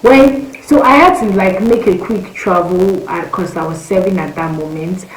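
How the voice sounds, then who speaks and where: A young woman in her twenties with a Nigerian accent, telling a story to her viewers in a lively, exclamatory way with her voice leaping up when she gets excited. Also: fairly low pitch, moderate pace, roomy sound, a little hiss or hum, low-quality recording. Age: 20s. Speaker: vlogger. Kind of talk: casual storytelling rant.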